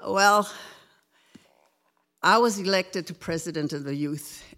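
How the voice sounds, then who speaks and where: A woman's voice: on the low side, takes it slowly, fairly bright tone. Earnest older woman giving testimony. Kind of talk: emotional church testimony.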